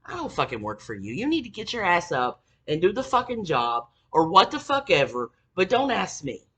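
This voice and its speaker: A woman's voice: lowish voice, wildly swooping pitch, normal speed, fairly bright tone, husky. A woman telling an angry storytime rant about an old job, swearing heavily and venting. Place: Tennessee.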